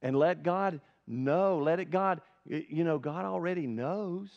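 A man's voice: a little high, a little slow, creaky, darkish tone. A male pastor giving an earnest, conversational sermon at a church service, often asking the congregation questions. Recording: dull lo-fi sermon recording.

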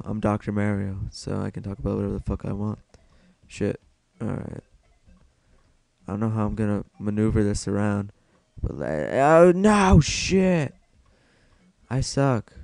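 A man's voice: fairly low pitch, creaky, mellow, no room sound. A young man giving casual solo gameplay commentary, self-mocking and swearing a lot as he mutters to himself.

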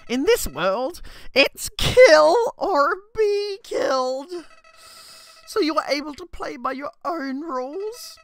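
A man's voice: extremely high pitch, sing-song, slow pace, fairly bright tone, no room sound, pitched above the performer's own voice, heavily acted. A man voicing a smug, sinister male talking flower from a game, in a mocking, sneering tone.

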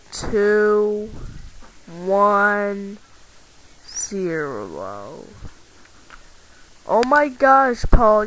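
A woman's voice: mid-range voice, a bit bright, slight background noise, rough recording. A woman voicing an angry male toy action figure in a home-made toy video, rambling and repeating herself.

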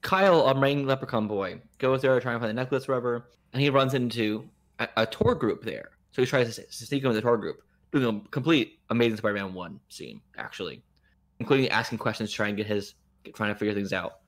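A man co-hosting a podcast, recapping a movie in a rambling, animated way with many restarts. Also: medium pitch, fairly quick. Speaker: podcast co-host. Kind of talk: casual chat.

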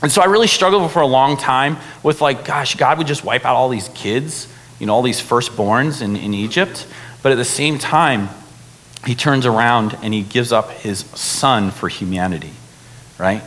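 A young man preaching a sermon in a casual, animated way, full of fillers like "right?" and "like". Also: medium pitch, normal speed. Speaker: pastor. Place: church hall. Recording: long hall reverb.

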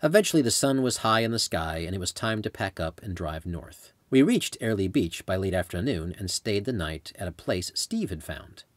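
A man reading his own travel memoir aloud in measured, descriptive storytelling. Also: sits low, big pitch swings, no echo. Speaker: author narrating his memoir. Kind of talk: scripted audiobook narration.

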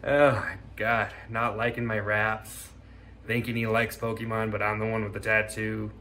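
A man's voice: on the low side, flat delivery, moderate pace, pushed and bright, slight background noise. A young man rambling through a comic monologue outdoors, mumbling and trailing off into near-whispers, mocking himself. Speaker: comedy video creator. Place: outdoors on a hike.

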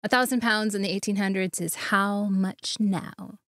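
A woman's voice: medium pitch, steady tone, normal speed, a bit bright, no echo, clean studio sound. A woman co-hosting a casual podcast, leading the story from her notes and laughing often. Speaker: podcast co-host.

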